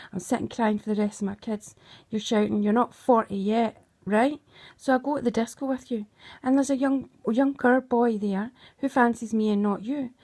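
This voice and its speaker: A woman's voice: fairly high pitch, darkish tone. A middle-aged woman, recounting grievances to her daughter in an emphatic, accusing way. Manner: accusing, emphatic, keeps asking "right?". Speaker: mother. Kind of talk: emotional recounting monologue.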